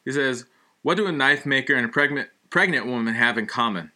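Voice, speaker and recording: Male co-host, self-deprecating and giggly, trips over his reading, bright animated tone. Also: medium pitch, brisk. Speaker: podcast co-host. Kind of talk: casual banter reading listener jokes.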